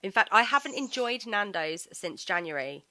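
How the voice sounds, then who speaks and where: Bright-voiced woman podcast host. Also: medium pitch, big pitch swings, normal speed. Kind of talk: casual chat.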